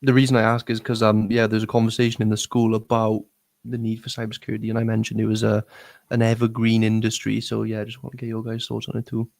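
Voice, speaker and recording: A man co-hosting a live podcast, chatting casually with a flat, dry delivery. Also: lowish voice, fast talker, creaky, few pauses, no echo. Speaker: podcast co-host.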